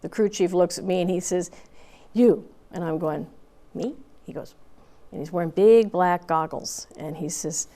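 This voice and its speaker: A woman's voice: fairly low pitch, moderate pace, mellow. A woman in her fifties, a Marine Corps veteran, telling her story candidly in an interview with plenty of fillers and restarts.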